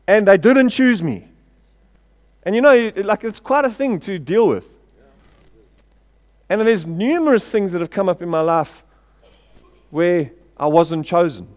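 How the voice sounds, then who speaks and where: A man preaching a passionate sermon as pastor, building to shouted declarations. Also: high voice. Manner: passionate, rising to shouts, chuckling between points. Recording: hall reverb.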